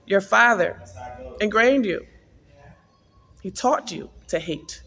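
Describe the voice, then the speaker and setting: A woman's voice: on the high side, measured pace, pauses often, big-room sound, a crowd in the background. A woman vlogger earnestly telling an emotional personal spiritual testimony.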